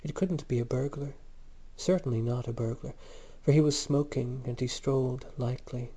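A man narrating a story in a measured, gentle reading. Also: mid-range voice, husky. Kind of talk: scripted audiobook narration.

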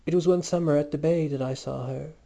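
A man's voice: on the high side, fairly even intonation, brisk, creaky, mellow. A man doing a gushing, eager admirer. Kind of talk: audiobook character voice.

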